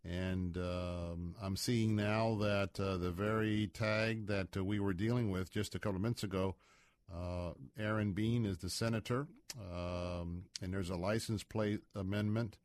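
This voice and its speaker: A man's voice: low-pitched, steady tone, a little slow, darkish tone, no echo. A middle-aged man hosting a talk radio show, rambling in a folksy manner with many filler sounds.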